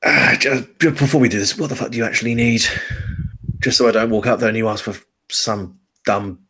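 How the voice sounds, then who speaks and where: A man's voice: mid-range voice, fairly even intonation, fairly quick, pushed and bright, breathy edge. A man voicing a streetwise male drug contact, blunt and crude. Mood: gruff, blunt. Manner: crude, swearing, matter-of-fact.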